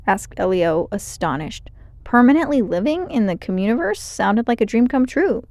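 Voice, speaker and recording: A woman reading a children's novel aloud in a clear, expressive storytelling manner, close to the mic. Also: on the high side, normal speed, dry recording. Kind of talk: children's book read-aloud.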